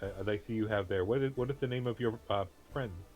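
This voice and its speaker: A man's voice: lowish voice, fast, darkish tone, faint music behind, low-quality recording. A man playing in a tabletop game, chatty and playful in character. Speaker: player.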